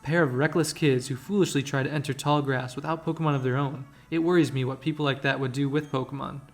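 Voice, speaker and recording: A man voicing a stern, measured older male professor in a video game, reading his lines in a grave, deliberate way. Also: mid-range voice, steady tone, soft background music, lightly acted.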